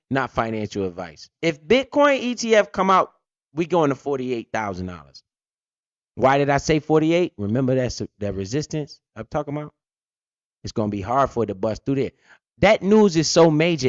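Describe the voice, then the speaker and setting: Profane, fast-joking crypto host, muffled recording. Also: male voice, fairly high pitch, dry recording. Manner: profane, blunt, joking rant. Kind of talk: unscripted market commentary. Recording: dull lo-fi dry audio.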